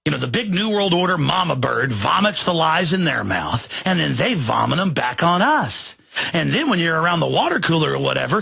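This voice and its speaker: A middle-aged man hosting a talk radio show, ranting angrily, often shouting and turning sarcastic. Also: sits high, gravelly, slightly rough. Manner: angry, shouting rants with sarcastic asides.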